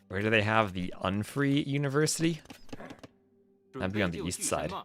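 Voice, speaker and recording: With a lowish, fairly bright voice and lively intonation, a young New Jersey-accented caster comments on a strategy game live at a measured pace. He laughs often and talks with viewers between plays; game music and slight background noise sit behind him.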